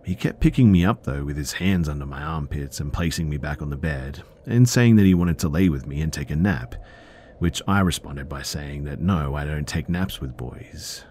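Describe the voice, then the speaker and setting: A man calmly narrating true scary stories in a low-key, subdued way. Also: normal speed, slight background noise. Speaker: storyteller.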